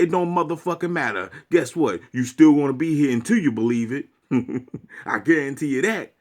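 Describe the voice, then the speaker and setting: A man's voice: on the high side, sing-song, brisk. A man delivering a preachy, profanity-laced rant to his viewers as a vlogger. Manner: preachy, swearing, lecturing.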